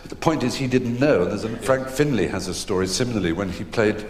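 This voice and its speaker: Man, very deep voice, leisurely storyteller, live stage talk, echoey hall. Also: lively intonation, fairly quick. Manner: leisurely raconteur with frequent ums and restarts. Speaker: stage conversation guest. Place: theatre stage before a live audience. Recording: echoey hall with long reverb.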